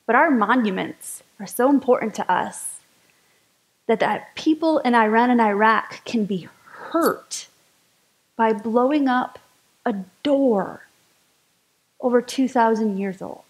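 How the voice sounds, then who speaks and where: A woman's voice: fairly high pitch, slow pace, long pauses, low-quality recording. A woman giving a chatty, enthusiastic sermon-style talk to a spiritual community gathering.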